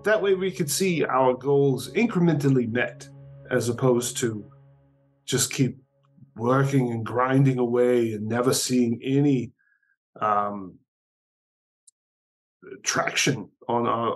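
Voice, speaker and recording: A man's voice: mid-range voice, takes it slowly, pauses often. Man, tabletop player, playful chatter, faint music behind. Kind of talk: tabletop role-play, in character.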